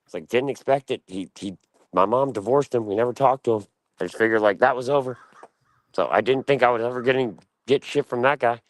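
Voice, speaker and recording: A man's voice: mid-range voice, a little fast, dry recording. A man ranting bluntly and profanely on a casual talk panel, rambling from one gripe to the next. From United States. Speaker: podcast panelist. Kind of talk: casual opinion rant.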